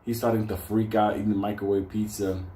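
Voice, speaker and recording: A man's voice: fairly low pitch, little pitch movement, fairly quick, dark tone, echoey room, slight background noise. A man telling a story casually, swearing constantly and laughing between lines. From New York.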